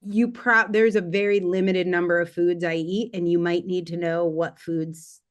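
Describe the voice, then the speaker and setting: An American woman speaking as a guest in a casual panel discussion, chatty and animated, with frequent "like" fillers. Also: on the low side, normal speed.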